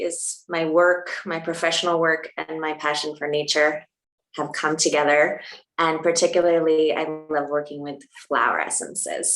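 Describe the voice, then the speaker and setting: A woman with a low voice speaks as an interview guest. She answers in a calm, measured, reflective way. Her voice carries the echo of a roomy space. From New York, USA. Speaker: herbalist guest. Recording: echoey room.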